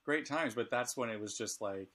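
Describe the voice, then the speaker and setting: A man's voice: medium pitch, moderate pace, fairly bright tone. A middle-aged man co-hosting a casual chat, speaking candidly and laughing often. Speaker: podcast co-host.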